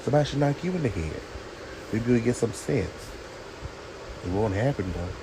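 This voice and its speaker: A man's voice: mid-range voice, expressive, moderate pace, background noise. A man reviewing a TV show in a sassy, opinionated rant, talking straight to his viewers.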